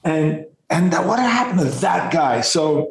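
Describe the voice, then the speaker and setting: A rock musician telling tour stories in a casual, animated and profane way. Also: male voice, sits high, moderate pace, vocal fry, echoey room, crowd noise, rough recording. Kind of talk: casual storytelling.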